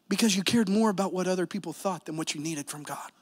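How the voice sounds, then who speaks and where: A man preaching a sermon as a pastor. He swings from hushed, intimate talk to shouted appeals, telling personal stories with self-deprecating asides. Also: sits high, expressive, quick pace, hardly any pauses, breathy edge, big-room sound. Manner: repeats "here's the thing", storytelling with self-deprecating asides.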